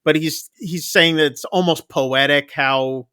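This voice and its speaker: Bright-voiced man recapping a movie. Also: fairly high pitch, smooth, no echo, studio quality. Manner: chatty, loose retelling with quick asides. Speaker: podcast co-host. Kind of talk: casual movie recap chat.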